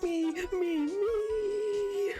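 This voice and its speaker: A woman voicing an excitable young man who eagerly insists he is the culprit, shrill and over the top. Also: very slow, soft background music, full character voice. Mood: frantic insistence.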